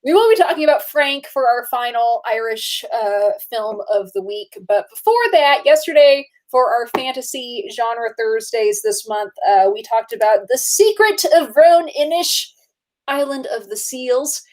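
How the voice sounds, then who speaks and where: A woman co-hosting a casual live movie chat, talkative and quick to laugh, with many fillers. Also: fairly high pitch, animated, darkish tone. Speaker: co-host.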